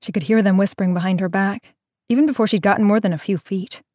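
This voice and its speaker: A woman narrating an audio drama in a slow, measured storytelling manner. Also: mid-range voice, a little mellow, no echo, clean studio sound.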